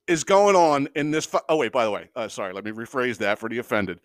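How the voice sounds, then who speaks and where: A man's voice: medium pitch, quick pace, hardly any pauses, no room sound, clean studio sound. A man hosting a podcast, ranting casually and heatedly, swearing constantly and stammering when worked up. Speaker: podcast host. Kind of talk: casual profane rant.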